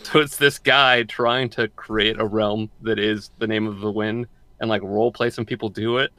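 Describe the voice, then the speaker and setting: A man's voice: on the low side, fairly even intonation, normal speed, sharp tone, no echo. A young man co-hosting a podcast, chatting casually and rambling, often repeating and restarting his words. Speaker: podcast co-host.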